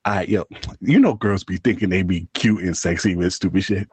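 A man's voice: fairly low pitch, huge pitch swings, a little slow, slightly rough, dry recording. A man co-hosting a podcast, joking crudely in casual chat and laughing often. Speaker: podcast co-host.

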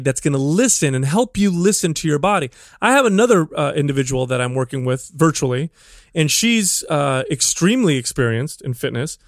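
Guy on a fitness podcast, kinda high voice, earnest explainer, dry sound. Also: no room sound. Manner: earnest, explanatory, many restarts. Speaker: podcast co-host and trainer. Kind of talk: casual podcast chat.

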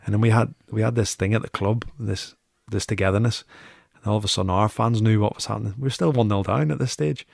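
A man's voice: fairly low pitch, quick pace, creaky, few pauses, darkish tone, no room sound, clean studio sound. A man who used to be a goalkeeper, telling football stories in a chatty, anecdotal interview, often repeating himself. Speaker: former goalkeeper, interview guest. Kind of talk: casual storytelling interview.

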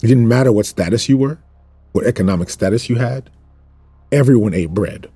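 Deep, husky man preaching informally. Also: fairly quick, warm tone, no echo, faint music behind. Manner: repetitive, emphatic, jokes and asides to viewers. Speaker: preacher teaching a Bible study. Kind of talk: informal sermon teaching.

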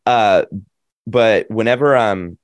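A man's voice: fairly low pitch, slow, dry recording. A young man from Nashville with a light Southern accent, chatting and joking as an interview guest on a video call. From Nashville, Tennessee. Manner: chatty, joking, animated storyteller. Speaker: actor and musician, interview guest.

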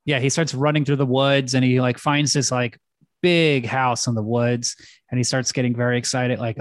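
A man's voice: medium pitch, steady tone, normal speed, dry recording. A man co-hosting a podcast, retelling a film plot in a loose, rambling way with lots of filler words. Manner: rambling, full of "like" and restarts. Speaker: podcast co-host.

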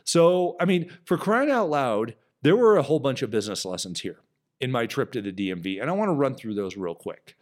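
A man hosting a business podcast, telling a story in an animated, emphatic way. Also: medium pitch, fairly quick. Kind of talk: storytelling monologue.

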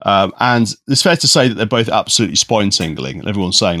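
Male podcast host, lower voice with a lively swinging pitch, jokey and animated, dry close sound. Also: fast, hardly any pauses, no room sound. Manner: jokey, animated, laughs often. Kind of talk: casual chat.

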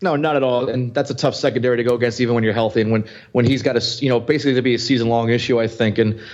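A man co-hosts a fantasy football podcast, talking quickly and rambling, often restarting his sentences. His audio sounds a little dull and muffled. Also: medium pitch, fairly even intonation. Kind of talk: casual sports chat.

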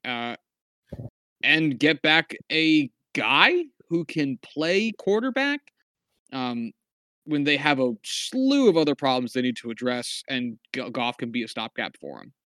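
A man's voice: medium pitch, expressive, unhurried, pushed and bright, dry recording. A man co-hosting a casual sports podcast, making dry, wry asides while reading off stats. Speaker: podcast co-host.

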